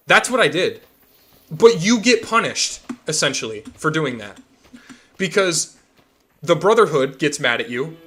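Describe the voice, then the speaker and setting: A man's voice: on the high side, lively intonation, moderate pace, pushed and bright. A young man streaming a game, rambling and swearing as he rants. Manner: rambling, profane ranting. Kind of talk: casual game chat.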